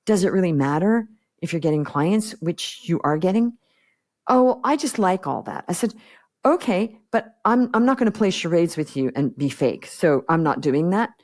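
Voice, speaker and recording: A woman's voice: lowish voice, expressive, normal speed, darkish tone. A woman business coach speaking bluntly and directly as a podcast guest, acting out the exchanges she quotes. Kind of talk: podcast interview conversation.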